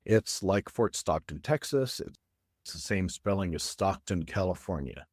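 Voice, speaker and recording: In a relaxed interview, a middle-aged male design consultant talks as the guest, his voice sitting low, expressive, and darkish in tone. He is warm and friendly but turns careful and deliberate whenever he explains specifics. The sound is dry and studio-clean.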